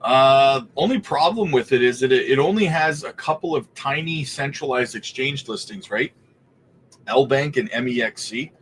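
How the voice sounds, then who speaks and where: A man of ordinary middle pitch hosts a relaxed livestream, talking in a loose, chatty way. He keeps calling out viewers by name and laughs easily between remarks. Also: moderate pace, slight background noise. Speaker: crypto livestream host. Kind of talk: casual livestream chat.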